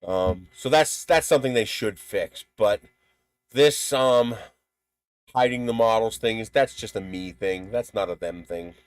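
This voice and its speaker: A man's voice: lowish voice, unhurried, smooth, no echo. A man hosting a live stream in casual chat, blunt and profane, who laughs at his own stories.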